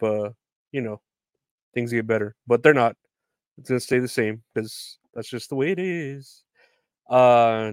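A man's voice: medium pitch, clean tone, no room sound. A young man rambles through news headlines in a casual rant, swearing often and making fun of himself. His voice sits in a middle range. The recording is dry and close, with no room sound. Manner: rambling, profane, self-deprecating. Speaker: podcast host.

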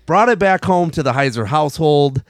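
A man hosting a casual sports podcast, animated and argumentative. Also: a little high, fairly quick, dry recording, clean studio sound. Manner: animated, argumentative, laughs often. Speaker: podcast host.

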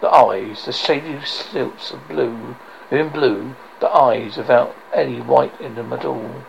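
A man's voice: medium pitch, takes it slowly, gravelly, highs cut off, a little hiss or hum. A man reading a novel aloud in a dramatic way, with occasional slips and restarts. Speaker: reader.

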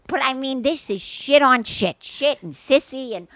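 An older woman with a fairly high voice chats on a podcast, her pitch leaping around as she tells a story and swears without a second thought. She sounds worn out and a little scratchy in the throat. The sound is dry and close, with no room around it. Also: moderate pace, dry recording. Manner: animated storyteller, swears freely. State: sore-throated, exhausted. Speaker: podcast co-host. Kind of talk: casual chat.

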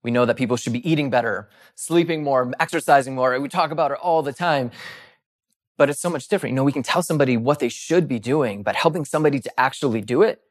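A middle-aged man co-hosts a podcast and talks in a casual, chatty way. He explains things eagerly, and his words tumble out quickly when he gets excited. His voice sits at an ordinary middle pitch for a man. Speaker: podcast co-host. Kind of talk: casual chat.

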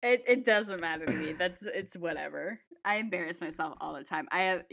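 A woman's voice: on the low side, brisk, vocal fry, a crowd in the background. Blunt joking woman podcast guest. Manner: blunt, crude jokes, laughing. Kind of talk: casual podcast chat.

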